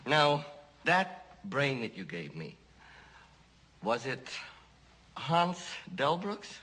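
An actor playing an excitable male mad scientist in a comic film, theatrical, swinging from hushed tones to shouts. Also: mid-range voice, drawn-out words, heavily acted. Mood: probing.

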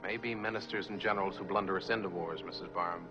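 An actor playing a cynical wartime officer who argues in a cutting, measured way, heard from an old film soundtrack. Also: male voice, deep voice, steady tone, muffled recording, music in the background, natural voice. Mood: bitter, earnest. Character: bitter, cynical wartime American officer, man. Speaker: film character. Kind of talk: 1960s film drama.

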